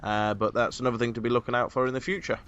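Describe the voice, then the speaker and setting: A man's voice: medium pitch, little pitch movement, very fast, fairly bright tone, dull audio, slight background noise. A man hosting a casual podcast, rambling with many fillers. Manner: rambling, filler-heavy planning talk. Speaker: podcast host.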